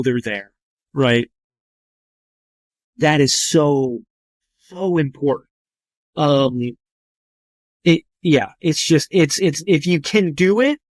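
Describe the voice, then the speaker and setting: A man's voice: fairly high pitch, no echo. Blunt, profane man telling a story. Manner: blunt and profane, with frequent restarts. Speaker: trauma surgeon guest. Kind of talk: casual spoken storytelling.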